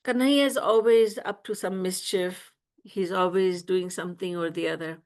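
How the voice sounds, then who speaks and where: A woman spiritual teacher giving a devotional storytelling talk over a video call, lively and often laughing as she tells it. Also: fairly low pitch, normal speed. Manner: lively, laughs often while telling stories.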